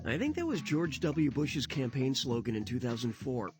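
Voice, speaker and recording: A man's voice: mid-range voice, big pitch swings, lightly acted. A man playing a sarcastic quiz host. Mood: snarky. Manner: sarcastic, quick-witted asides. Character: snarky adult male quiz show host. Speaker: game show host. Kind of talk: comedic quiz game hosting. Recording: loud game music behind.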